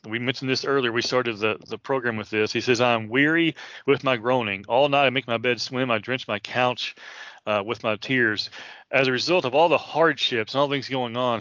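A man's voice: medium pitch, pushed and bright, no echo, dull audio. A man in his late thirties, a preacher, teaching a Bible passage in an earnest, casual way with many fillers and restarts. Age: 30s.

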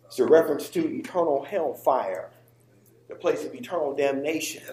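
A man delivers a sermon in a high, ringing voice. He swings from quiet asides to emphatic, near-shouted lines. The recording carries a roomy church echo. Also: normal speed, a little hiss or hum. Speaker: preacher.

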